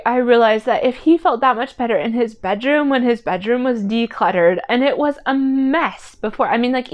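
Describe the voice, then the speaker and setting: A woman vlogging about decluttering as a mother, chatty and rambling, with lots of "like" and "um", and earnest in tone. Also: on the high side. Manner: chatty and rambling, with many fillers like "like" and "um"; earnest and heartfelt. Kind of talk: casual personal vlog talk.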